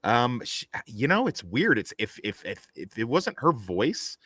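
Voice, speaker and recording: A man chatting casually about a film he saw, rambling and animated with lots of fillers and restarts. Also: mid-range voice, measured pace, no room sound, clean studio sound. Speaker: panelist. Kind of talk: casual film review chat.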